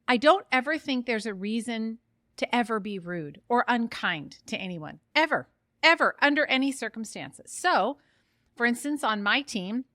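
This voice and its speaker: This podcast host speaks alone and candidly in a slightly high, bright voice with a forceful edge. The studio recording is clean and dry. She's chatty and self-mocking, and she gets worked up fast.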